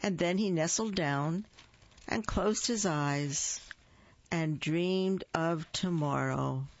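A storyteller reading a picture book aloud, expressive and acting out the sound words. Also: mid-range voice, takes it slowly. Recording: dull lo-fi dry recording.

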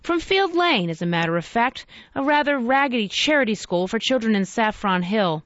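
A woman's voice: on the high side, expressive, normal speed, no echo, lo-fi sound, voice pushed up, natural voice. A woman reading aloud and voicing a troubled, impassioned Victorian author who speaks in an earnest, oratorical way.

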